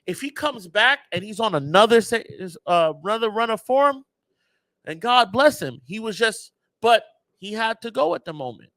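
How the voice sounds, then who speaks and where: Fan-channel host: man, high pitch, dry room, emphatic and exasperated. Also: lively intonation, normal speed, pushed and bright, no echo. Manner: emphatic, exasperated, addresses viewers directly. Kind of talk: casual reaction rant.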